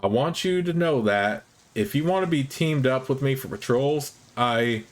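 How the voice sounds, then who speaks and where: A man's voice: medium pitch, moderate pace, close to an everyday voice. A man voicing an earnest, guarded young woman scout, reading her lines in a clipped, matter-of-fact way.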